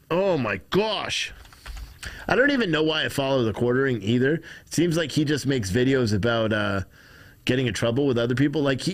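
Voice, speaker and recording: A man's voice: on the high side, fairly bright tone. A man hosting a livestream, rambling, frustrated, reading chat aloud, and swearing now and then. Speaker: livestream host. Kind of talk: casual livestream commentary.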